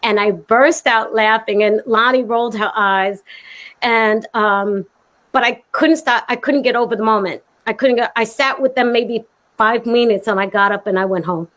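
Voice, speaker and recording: Animated woman telling a story. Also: a little high, normal speed. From Brooklyn. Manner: expressive, laughing storyteller. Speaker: guest, actress. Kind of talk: animated anecdote in conversation.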